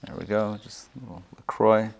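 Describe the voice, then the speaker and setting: A man who is a rabbi, teaching a live class and telling jokes with lively, animated voices for the characters. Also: a little fast, gravelly. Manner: animated storyteller, acts out joke characters with big pitch swings. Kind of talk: live lecture with joke-telling. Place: synagogue classroom, recorded live before an audience.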